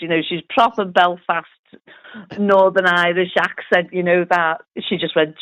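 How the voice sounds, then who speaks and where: Middle-aged Liverpudlian woman, interviewee, lowish voice, lively storyteller, thin phone-line sound. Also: normal speed. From Liverpool, England. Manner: chatty, animated retelling with quoted dialogue. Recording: tinny phone-like audio.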